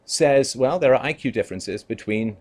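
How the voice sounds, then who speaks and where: A man's voice: medium pitch, moderate pace, a little mellow. A man giving an opinion commentary monologue, emphatic and conversational, leaning on "you know" and "right?" and chuckling between points. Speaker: political commentator.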